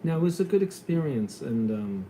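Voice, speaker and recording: A middle-aged former police lieutenant from New York with a New York accent, chatting casually and telling stories in a lively way. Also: male voice, fairly high pitch, moderate pace, slight background noise, poor audio. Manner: chatty storyteller, animated when retelling. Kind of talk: casual chat on a call.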